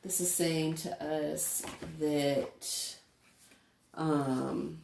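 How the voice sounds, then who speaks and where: Low-voiced woman giving a rambling tarot chat. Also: fairly even intonation, very slow, gravelly, darkish tone, echoey room. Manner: rambling and chatty, with many fillers. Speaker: tarot reader. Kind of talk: casual tarot reading chat. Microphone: camera in front of her.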